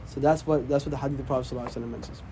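A man's voice: mid-range voice, fairly even intonation, very fast, mellow, slight background noise. A man, an imam, teaching a casual religious class, often checking in with "right?". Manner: conversational, often asks "right?".

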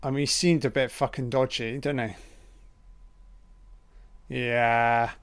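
Slow, crisp-voiced swearing film commentator man. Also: mid-range voice, fairly even intonation, fairly bright tone.

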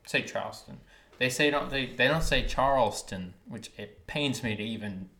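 A man's voice: mid-range voice, moderate pace, creaky, sharp tone. A man with a Wilmington, North Carolina accent, co-hosting a casual podcast, rambling and searching for words. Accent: Wilmington North Carolina Southern. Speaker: podcast co-host. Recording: echoey room.

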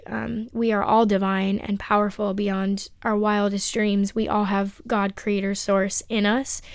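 Under-the-weather woman podcaster, flat delivery. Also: medium pitch, clear, resonant tone, no echo, studio quality. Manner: reflective, rambling with ums and pauses. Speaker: podcast host. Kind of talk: unedited solo podcast monologue.

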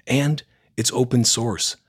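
A man's voice: mid-range voice, fairly even intonation, slow, husky. A man hosting a news roundup podcast, reading from a script in a blunt, sarcastic, opinionated way. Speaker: podcast host.

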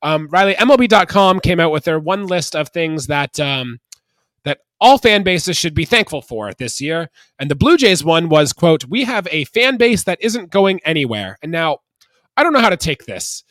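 A man's voice: fairly high pitch, very animated, normal speed, a bit bright, no room sound. A Canadian man hosting a sports podcast, upbeat and chatty, steering topics and quizzing his co-host. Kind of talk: casual sports podcast chat.

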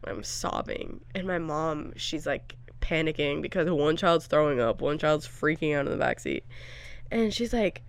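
A young woman co-hosting a podcast speaks a little slowly in a low voice with vocal fry, and there's no echo. She chats casually, telling rambling stories and laughing often.

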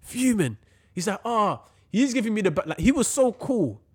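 A man's voice: high voice, moderate pace, husky. A young man, chatting casually and telling stories with lots of slang. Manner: animated storytelling with slang, laughs often. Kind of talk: casual chat.

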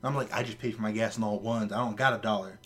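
A man co-hosting a casual podcast, telling a story in a lively, profane way. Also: lowish voice, quick pace. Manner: animated storyteller, swears freely. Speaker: podcast co-host.

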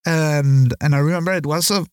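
A chef and podcast co-host, this man talks in a rambling, casual way with a high voice. The sound is dry and close. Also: steady tone, fairly quick, a little mellow, clear, resonant tone, no room sound. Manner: rambling, many "you know"s. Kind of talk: casual chat.

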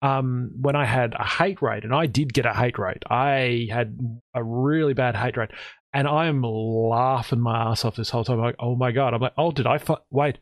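A man of ordinary pitch chatting casually as host and spinning long anecdotes with lively energy. He often jumps into higher, excited voices when he acts out his own lines. The sound is dry and close, with no room around it. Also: moderate pace, no echo. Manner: animated storyteller, jumps into high excited voices when quoting himself. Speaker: podcast host and streamer. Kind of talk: casual chat.

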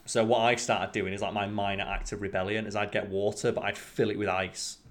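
A man in casual chat, telling work stories in an animated way and acting out his old bosses, with plenty of swearing. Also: lowish voice, fairly quick. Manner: animated storytelling, acts out quoted bosses; swears freely.

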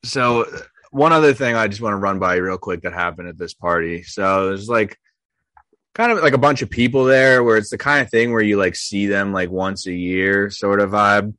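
A man's voice: on the low side, moderate pace, bright, forceful tone, dry recording. A man co-hosting a podcast, telling a story in a casual chat full of filler words. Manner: storytelling with many filler likes. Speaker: podcast co-host.

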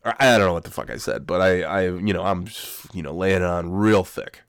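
A man's voice: low-pitched, a little fast, clean tone, dry recording, studio quality. A young man telling a rambling, self-mocking personal story in casual talk, swearing freely.

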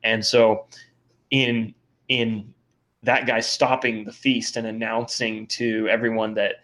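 A man's voice: on the low side, flat delivery, slow, a bit bright. A man co-hosting a podcast, discussing a film hesitantly and thinking aloud with lots of fillers. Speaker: podcast co-host. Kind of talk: casual chat discussing a film.

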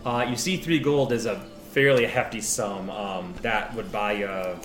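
A man narrating a tabletop game as game master, rambling and animated, with many restarts. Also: fairly low pitch, moderate pace. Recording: roomy echo with music behind.

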